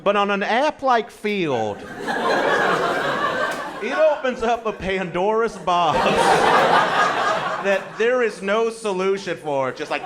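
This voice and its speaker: A man performs stand-up in a comedy club, speaking slowly through a dry, halting delivery full of "uh"s. His voice sits a touch high for a man. The live recording carries crowd laughter and room noise. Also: very animated. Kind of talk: stand-up set. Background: audience laughter.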